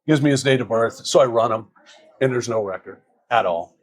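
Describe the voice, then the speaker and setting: Middle-aged male cop spinning a dry, easygoing work story, average pitch. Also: fairly quick. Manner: dry storyteller, acts out both sides of the exchange. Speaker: police officer telling a story. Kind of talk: casual anecdote.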